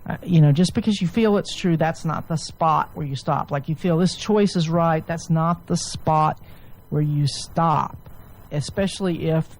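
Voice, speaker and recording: A woman physician and author, a guest, explaining ideas at length in a relaxed interview, often restarting her sentences. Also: low-pitched, a little slow, slight background noise, rough recording. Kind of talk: casual interview chat.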